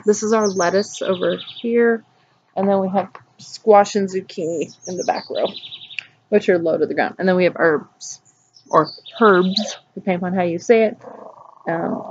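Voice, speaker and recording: A woman's voice: mid-range voice, darkish tone, lo-fi sound, slight background noise. Chatty woman rambling in her backyard. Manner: rambling, wanders off topic. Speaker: cross-stitch vlog host. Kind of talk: casual chatty vlog. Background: birds singing.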